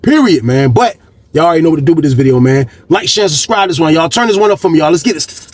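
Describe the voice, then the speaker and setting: Husky guy telling a wild story, cusses a lot, kinda high voice. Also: expressive, quick pace. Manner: profane, repetitive, keeps saying "man"; acts out quoted voices. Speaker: storytelling video host. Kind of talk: casual storytelling.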